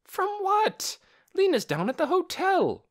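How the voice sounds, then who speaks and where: A man reading aloud and voicing a middle-aged village woman who is puzzled and stern, in a raised falsetto with a fussy, questioning manner. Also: wildly swooping pitch, a little slow, exaggerated voice.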